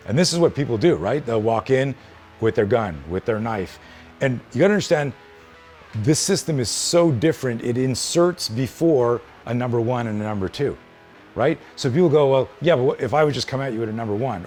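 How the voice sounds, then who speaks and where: A man's voice: fairly low pitch, a little mellow. A man teaching self-defense in a hands-on demonstration, blunt and emphatic with plenty of swearing.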